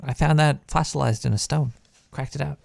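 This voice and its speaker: A man's voice: on the high side, steady tone, a little fast, creaky, a little mellow, no room sound, studio quality. A man voicing a paranoid cartoon rat who hosts a call-in show, quizzing his caller with odd questions. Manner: curious, keeps firing questions. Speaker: show host. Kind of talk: comedic call-in chat.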